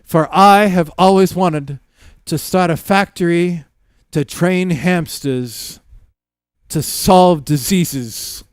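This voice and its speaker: A grandiose, down-on-his-luck street man with a flowery, old-fashioned way of speaking, as a man puts him on. The voice is pitched well above the performer's own and delivered loudly and theatrically. The sound is dry and close. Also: slow pace, clean tone, no echo. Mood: grandiloquent.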